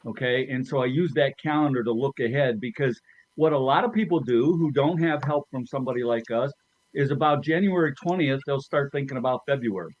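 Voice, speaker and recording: A man marketing consultant on a casual panel, telling a story in a measured way. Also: mid-range voice, dry recording. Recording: dry, dull lo-fi audio.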